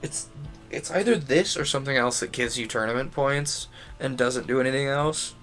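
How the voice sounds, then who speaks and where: A man's voice: medium pitch, normal speed, a bit bright, soft background music. A man streaming a visual novel, reading the story aloud and adding chatty, amused commentary. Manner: chatty, amused asides between read lines.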